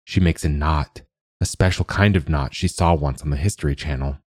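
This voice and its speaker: A man hosts a fiction podcast and narrates a short story. His voice is very deep, and he reads in a measured, deliberate way. The recording is dry and close. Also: husky, dry recording.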